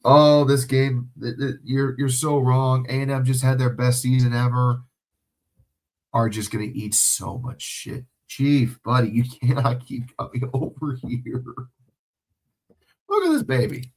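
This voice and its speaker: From a home room, a young man hosts a livestream watch-along, calling plays with emotional, profane outbursts and chatting with viewers in excited play-by-play. His mid-range voice is steady and darkish, at a measured pace.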